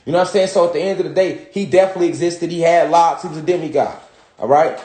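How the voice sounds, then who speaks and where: A man's voice: a little high, fast, a little mellow. A man teaching a casual, rambling lesson from home, profane and full of repeated "you know what I'm saying.". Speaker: spiritual teacher. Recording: roomy echo.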